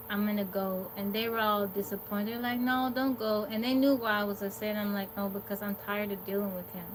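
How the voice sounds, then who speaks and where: A woman hosting a livestream, casually telling a personal story in a rambling, candid way and quoting what people said. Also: on the high side. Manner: candid, rambling, quotes herself and others. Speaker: livestream host. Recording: noisy background.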